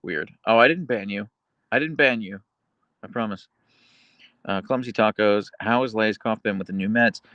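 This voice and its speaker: A man hosting a casual livestream, reading viewer comments aloud and chatting about his dogs, slipping into a high cooing voice for his pet. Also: fairly bright tone, no echo. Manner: goes high and cooing when talking to his dog. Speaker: livestream host.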